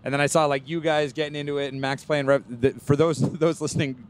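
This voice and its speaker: A young man co-hosting a podcast, telling a relaxed story in a self-deprecating way, in casual chat. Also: a little high, fast talker, slight background noise. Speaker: podcast co-host.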